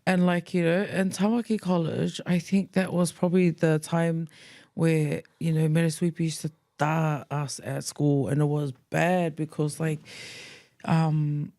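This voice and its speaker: A woman, co-hosting a podcast, telling school stories in a casual, lively way, acting out quoted voices and mixing in Tongan words. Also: low-pitched, a little slow. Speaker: podcast co-host. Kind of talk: casual storytelling chat.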